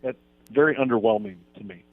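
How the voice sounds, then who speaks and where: A man in a sports radio debate, talking with deadpan mock seriousness and stammered restarts. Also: lowish voice, fast talker, no echo. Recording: muffled dull broadcast audio.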